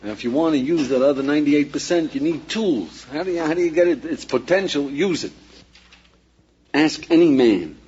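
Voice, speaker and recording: A husky-voiced man lectures a class as a rabbi, his pitch jumping around as he acts out short exchanges and fires questions at the room. His voice sits a little high for a man. The recording is dull and lo-fi, like an old archived lecture. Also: very animated, fairly quick, a little mellow.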